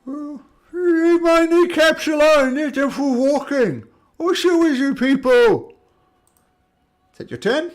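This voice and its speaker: A man doing a whiny blind giant. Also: slow pace. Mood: indignant. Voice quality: loud, high put-on voice. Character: blinded male giant, bullying then whiny.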